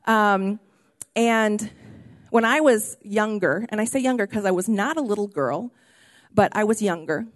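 A woman pastor preaching a sermon in a church, animated and excitable, often raising her voice. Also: medium pitch, measured pace, no echo, clean studio sound. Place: church auditorium.

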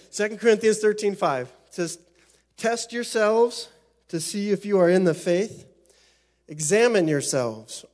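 A man's voice: fairly high pitch, darkish tone. A middle-aged man preaching a sermon as pastor, impassioned, often repeating and restarting his phrases.

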